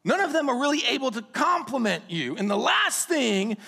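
A man preaching from the pulpit in a high, lively voice that swings widely in pitch. He breaks into sudden shouts and playful asides to the congregation. His words ring out with the long reverb of a large church hall. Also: moderate pace, creaky, slightly rough. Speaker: pastor. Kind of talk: sermon.

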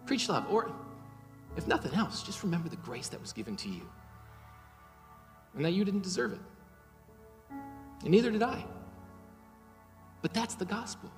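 A man's voice: sits high, big pitch swings, normal speed, pauses often, long reverb tail, soft background music. A man preaching a sermon and leading a closing prayer, impassioned, with rising and falling emphasis and repeated words. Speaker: pastor.

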